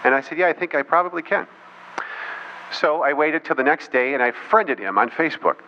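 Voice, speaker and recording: A man's voice: a little high, animated, fairly quick. A man giving a speech to an audience, telling a story with mocking asides and quoted voices. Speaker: political speaker. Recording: dull lo-fi recording with faint noise.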